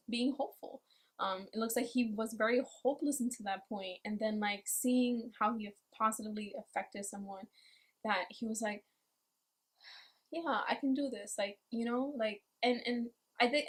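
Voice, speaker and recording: Profane, animated woman recapping anime. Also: fairly high pitch, moderate pace. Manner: profane, animated storytelling with acted quotes. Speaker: anime reviewer. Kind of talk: casual episode recap.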